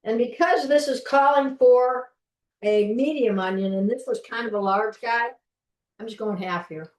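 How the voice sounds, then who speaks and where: A woman's voice: fairly high pitch, normal speed, darkish tone. Chatty woman teaching cooking over a call. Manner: chatty, folksy, restarts often while demonstrating. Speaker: cooking instructor. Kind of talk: live online cooking class. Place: home kitchen. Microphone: video call from a distance. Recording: roomy kitchen, mic far off.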